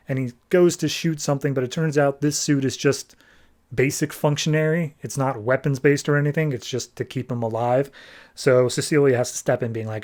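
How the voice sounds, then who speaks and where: A man's voice: mid-range voice, darkish tone. A man hosting a podcast, casually recapping a comic book issue in a loose, chatty way, often saying "like" and paraphrasing the characters. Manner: loose, chatty retelling with frequent "like" and quick paraphrased quotes. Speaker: podcast host reviewing comics.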